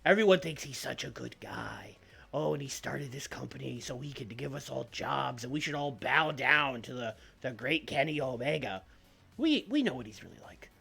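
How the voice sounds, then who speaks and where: A man voicing a scheming, smooth-talking male wrestling manager with a fast, wheedling delivery. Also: mid-range voice, animated, pushed and bright, faint music behind, full character voice.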